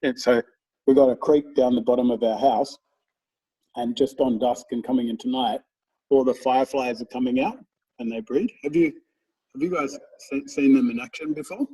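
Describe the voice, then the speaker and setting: A man's voice: mid-range voice, normal speed, warm tone, husky, far from the mic, poor audio. Rambling, swearing man telling stories. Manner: rambling storyteller, swears casually. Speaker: podcast co-host. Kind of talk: casual chat.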